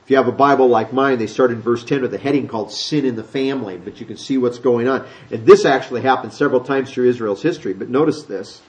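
A man preaching a sermon, teaching from the Bible in a chatty, folksy way, reading scripture aloud and slipping into quick voices. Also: medium pitch, darkish tone, low-quality recording. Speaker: pastor.

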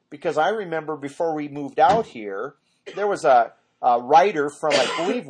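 A man's voice: fairly high pitch, darkish tone, husky. A man teaching an informal Bible study, rambling off on tangents and correcting himself as he goes.

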